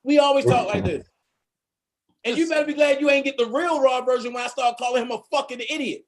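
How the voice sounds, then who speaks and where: Blunt, high-voiced man host swearing freely. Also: fast talker. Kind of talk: casual chat.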